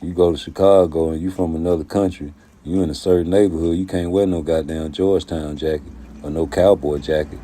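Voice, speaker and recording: On his YouTube channel, a man with a low-pitched voice goes on a casual, profane, streetwise rant. He talks a little fast with few pauses, telling his story in an animated way.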